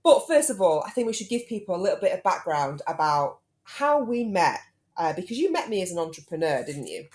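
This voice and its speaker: Low-voiced British woman in her thirties, chatty podcast host who teases her guest. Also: big pitch swings, fairly quick, a little mellow. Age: 30s. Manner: chatty and teasing. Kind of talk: casual chat.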